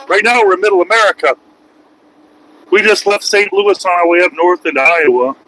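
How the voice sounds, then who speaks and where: A man's voice: high voice, brisk, over music, poor audio. A man, a truck driver, ranting on a casual livestream from his cab while driving, crude and taunting. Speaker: truck driver streaming live.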